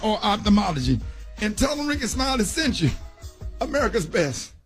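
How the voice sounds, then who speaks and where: A man's voice: sits high, very animated, moderate pace, faint music behind. A man hosting morning radio, reading an ad in a joking, mock-emotional way. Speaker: radio host. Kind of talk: comic ad read on morning radio.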